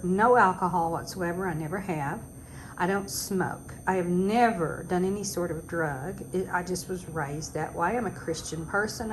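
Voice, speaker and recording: A woman's voice: on the low side, poor audio. A woman in her sixties, a retired teacher, ranting casually at home in a talkative, exasperated way with sarcastic asides. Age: 60s. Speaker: vlogger. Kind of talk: casual rant. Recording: noticeable background noise.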